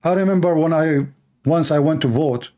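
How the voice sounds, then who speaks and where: A Christian preacher from the Middle East, speaking with an Arabic accent, delivers a fiery political sermon in short, punchy lines he keeps repeating. His voice sits on the high side with a dark tone, and he moves at a moderate pace, exhorting emphatically.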